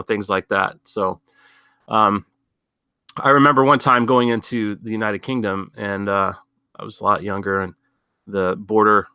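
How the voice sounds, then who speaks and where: A man's voice: on the low side, bright, forceful tone, clean tone, dry recording, clean studio sound. A man hosting a casual news commentary show, rambling and sardonic, thinking aloud with many fillers and asides. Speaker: podcast host.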